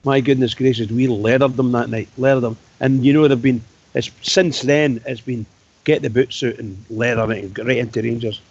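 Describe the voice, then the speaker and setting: A man's voice: mid-range voice, steady tone, brisk, darkish tone, breathy edge. A Scottish man on a football fan phone-in, recalling old games in a storytelling way. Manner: reminiscing, storytelling. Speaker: radio co-host. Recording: dry, dull lo-fi radio sound.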